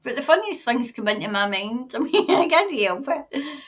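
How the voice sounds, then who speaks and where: A woman's voice: high-pitched, sing-song, normal speed, a bit bright. A Scottish woman reading tarot on a casual livestream, chatting in a rambling way with lots of fillers and frequent laughs. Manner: chatty and rambling, laughs often, many "like" and "you know" fillers. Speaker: tarot reader reading viewer comments.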